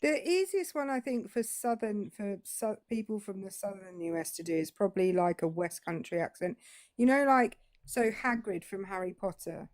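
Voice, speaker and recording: A woman's voice: medium pitch, normal speed, no room sound, clean studio sound. A British woman with a British English accent, explaining in casual panel chat. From Britain. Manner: explanatory, lively, talks it through.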